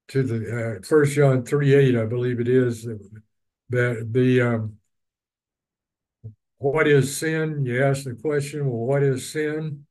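A man's voice: medium pitch, a little mellow, rough recording. A man teaching a Bible study, reading verses and then explaining them at length with personal asides. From East Texas.

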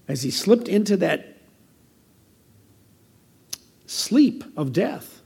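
An older American man delivering a sermon as pastor, conversational and anecdotal, with a gravelly voice. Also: high voice, very animated, drawn-out words, long pauses, dark tone. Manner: conversational preaching with personal anecdotes.

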